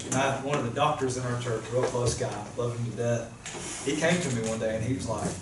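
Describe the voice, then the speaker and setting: A man's voice: mid-range voice, a little fast. Colloquial pastor man, far and echoey. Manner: animated, colloquial, gets loud while telling a story. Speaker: church pastor. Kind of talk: casual storytelling in discussion. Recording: roomy, distant mic, clear background noise.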